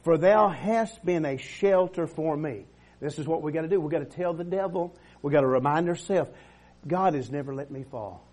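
A man's voice: on the high side, moderate pace, a little mellow. A middle-aged male pastor preaching a sermon, calling for amens and repeating words as he builds his point. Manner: preaching with call-and-response, frequent amens and restarts.

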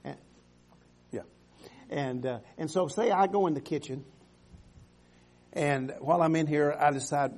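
A man preaching a sermon with fervor, swinging from loud exhortations to soft, quiet passages. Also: on the high side, a little slow, long pauses. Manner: fervent, rising to loud exhortations, dropping to soft tones.

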